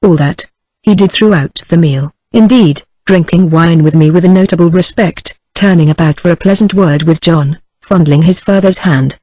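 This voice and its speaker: A text-to-speech woman's voice with an American accent reading a classic novel aloud in an even synthetic cadence. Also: on the low side, normal speed, no echo, rough recording. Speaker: audiobook narrator.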